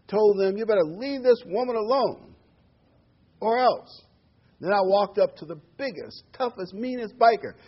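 A man voicing a bragging cowboy telling a tall tale, husky and excited in an old-fashioned sermon joke. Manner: excited, bragging, rising pitch. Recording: dull lo-fi recording.

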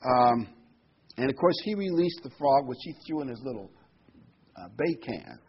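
A man preaches a sermon, reading scripture and then unpacking it in plain, folksy asides. His voice is husky and mid-pitched. The recording sounds dull and lo-fi. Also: very animated, moderate pace. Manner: reads verses then explains in folksy asides.

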